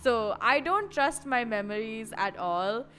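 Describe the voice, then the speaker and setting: A woman's voice: fairly high pitch, lively intonation, measured pace, pushed and bright. A woman streaming casually, rambling and chatty with lots of filler words. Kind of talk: casual live-stream chat.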